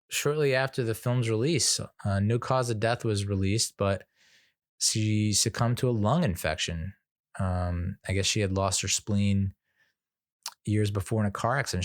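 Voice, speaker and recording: A man's voice: on the low side, no room sound, studio quality. A young man, casually retelling scenes from a movie and laughing at his own stumbles as a podcast host. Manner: rambling, laughs at himself, retells scenes with acted quotes. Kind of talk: casual solo review.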